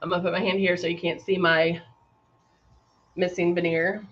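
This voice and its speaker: A woman's voice: lowish voice, level tone, moderate pace, fairly bright tone, lo-fi sound. A woman casually demonstrating airbrush makeup on a livestream, greeting viewers by name while she works. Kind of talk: casual live makeup demo chatting with viewers.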